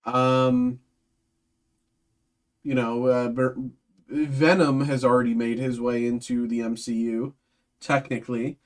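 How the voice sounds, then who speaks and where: A man's voice: medium pitch, steady tone, slow pace, pauses often. A man hosting a livestream, thinking aloud in casual chat, hesitant and full of ums and restarts. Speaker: card break host.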